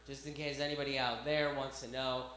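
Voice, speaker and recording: A man doing stand-up comedy, telling a story and acting out the other people's lines in animated bursts. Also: medium pitch, fairly quick. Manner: animated, acts out voices of cops in anecdotes. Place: comedy club stage. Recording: echoey club room with faint hum.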